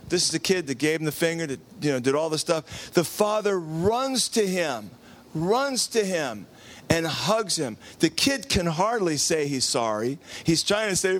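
Male pastor, high voice, chatty sermon, acts out the story, quizzes the room. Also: unhurried. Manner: animated, acts out quotes, asks the congregation questions. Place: church.

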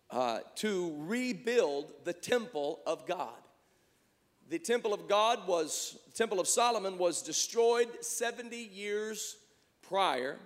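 High-voiced preacher in an echoey hall. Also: male voice. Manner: fervent praying, preacher's cadence. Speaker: pastor. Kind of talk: sermon. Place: church sanctuary.

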